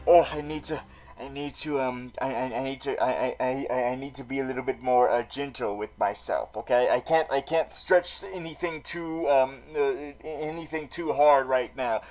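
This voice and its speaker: A man's voice: medium pitch, normal speed, a little mellow, soft background music, lightly acted, rough recording. A man playing a theatrical super villain who hosts a comedic recap vlog, stammering and repeating words as he goes. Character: theatrical male super villain vlogger, dramatic. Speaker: vlog host.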